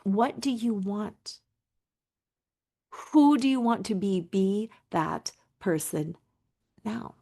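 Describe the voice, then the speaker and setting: A woman's voice: medium pitch, expressive, slow, vocal fry, pauses often, warm tone. A middle-aged woman hosting a solo podcast as a recovery coach, talking in an earnest, emphatic way and repeating key phrases.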